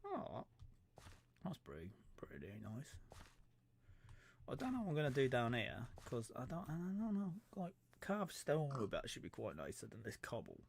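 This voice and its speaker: Guy streaming a survival game, gravelly voice, lots of pitch swings, mock-stern scolding, noisy audio. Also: wildly swooping pitch, normal speed. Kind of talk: casual gameplay commentary.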